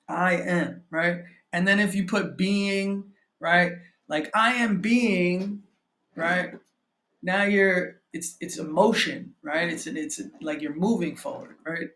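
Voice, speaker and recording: A man's voice: high-pitched, roomy sound. A man giving a casual motivational talk on affirmations, often tagging his points with "right?" and reading through a list of affirmations. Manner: keeps asking "right?" as a tag; reads affirmations in a steady list. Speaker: mindset coach and trader.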